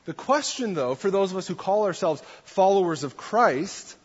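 A man's voice: sits high, expressive, normal speed, slightly rough. A man giving a conversational sermon as a pastor, putting questions to his congregation. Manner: conversational, asks the audience questions. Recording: dull long-reverb church hall.

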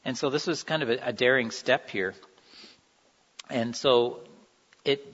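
An unhurried preacher with a medium-pitched voice, a bit bright with a breathy edge, delivers an earnest, conversational sermon. He acts out quoted lines with feeling, and the sound is dull in a reverberant hall.

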